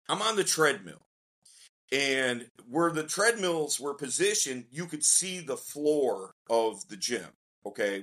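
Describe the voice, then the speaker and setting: A man, a dating coach on a podcast, telling a story in a casual, slangy way and acting out the quotes with lively energy. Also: mid-range voice. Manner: animated, slangy storyteller who acts out quotes.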